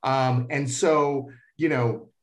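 A man's voice: mid-range voice, fairly even intonation, slow. A middle-aged man, an expert guest and parent, answering interview questions earnestly, repeating words as he thinks aloud.

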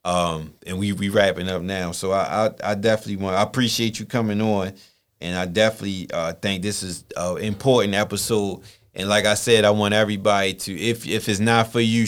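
A young man hosts a casual podcast, his voice sitting low. He talks loosely in slang and laughs often. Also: fairly even intonation, fairly quick, fairly bright tone. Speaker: podcast host. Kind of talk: casual chat.

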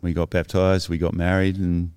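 Middle-aged man, low voice, smooth and resonant, dry close sound, reflective, halting storytelling. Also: level tone, darkish tone, no echo. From Australia. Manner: reflective, halting, with frequent restarts and fillers. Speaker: podcast guest. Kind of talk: casual personal storytelling.

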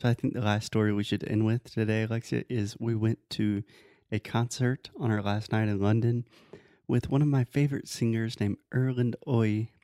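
A Brazilian man whose first language is Portuguese, co-hosting a casual chat and telling travel stories in a relaxed way. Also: lowish voice, normal speed, no echo.

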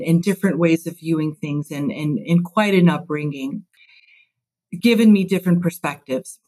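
A woman in her fifties from Chicago talks through her career as a guest on an interview show. Her voice sits on the low side and stays earnest and reflective, with an easy willingness to laugh at her own choices. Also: a little mellow, poor audio. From Chicago, USA. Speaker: construction executive, podcast guest. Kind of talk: casual interview storytelling.

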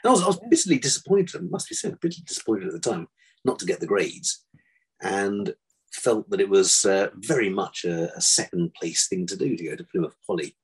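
Low husky man telling his story. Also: animated, fairly quick. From England. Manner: dry self-deprecating storyteller. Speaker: interviewee, vet. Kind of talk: casual interview chat.

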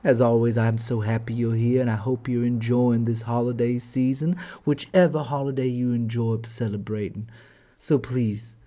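A man narrating a fairy tale as host of a storytelling channel, gentle and affectionate. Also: mid-range voice, steady tone, moderate pace.

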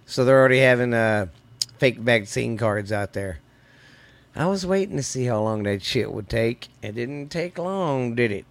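This middle-aged Louisianan speaks with a Southern Louisiana accent and a slightly sore, mid-range voice, animated and at a moderate pace. He hosts a loose, profane, rambling podcast, calling his listeners "baby," and the recording is low quality.

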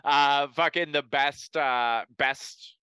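A man's voice: fairly high pitch, steady tone, takes it slowly, bright, forceful tone, smooth, no echo. A man co-hosting a casual comedy podcast, swearing freely and riffing through stories with amused, rambling energy. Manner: profane, rambling, amused storytelling. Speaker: podcast co-host.

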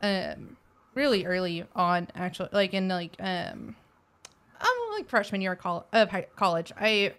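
A young adult with a Texan accent, talking casually on a podcast, rambling with many fillers and restarts. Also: female voice, lowish voice, steady tone, measured pace, fairly bright tone, smooth. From Texas.

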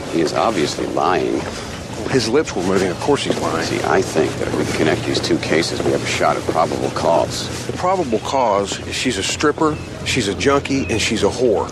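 An actor playing a stern male detective in a TV crime drama clip, with tense, clipped lines. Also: low-pitched. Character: stern male TV detective arguing over a case. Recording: clip with loud background noise.

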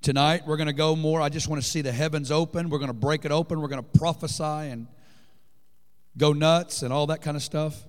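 A man preaching a fervent sermon to a congregation, building up to shouting peaks. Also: on the high side, steady tone, brisk. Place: large church hall. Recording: long reverb in a large hall.

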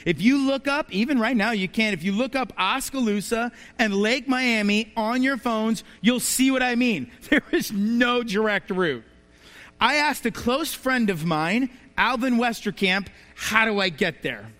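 A man's voice: extremely high pitch, unhurried, bright, forceful tone. A man preaching a sermon as a pastor, telling stories and asking the congregation rhetorical questions. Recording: reverberant hall.

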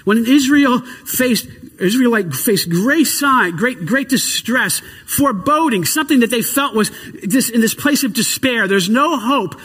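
A man preaching with fervor, his high, husky voice leaping up and down as he moves between hushed, slow passages and shouted calls. His words ring out with a long reverb in a large hall. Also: expressive. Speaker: pastor. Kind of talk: sermon.

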